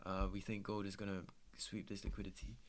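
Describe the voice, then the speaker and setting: A man's voice: deep voice, monotone, brisk. A young man chatting casually while trading, laid-back and slangy, swearing freely. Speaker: trader streaming his trading. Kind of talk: casual chat.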